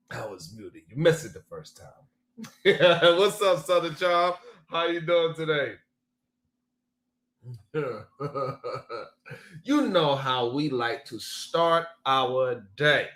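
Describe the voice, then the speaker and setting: Playful, slow-talking male stream host. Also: fairly high pitch, expressive, a bit bright, reverberant. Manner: greets chatters by name, laughs often, playful. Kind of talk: casual live-stream chat.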